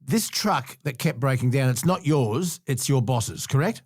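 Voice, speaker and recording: A man's voice: medium pitch, expressive, measured pace, breathy edge, no echo, clean studio sound. A man with an Australian accent hosting a talk podcast, steering the chat with direct, pointed questions. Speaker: host. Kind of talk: radio-style podcast interview.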